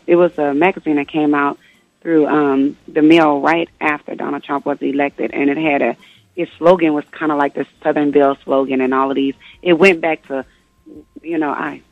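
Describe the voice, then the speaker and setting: A woman's voice: low voice, dry recording. Impassioned young woman, dull radio sound. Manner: impassioned, uses rhetorical questions. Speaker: guest author. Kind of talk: radio interview.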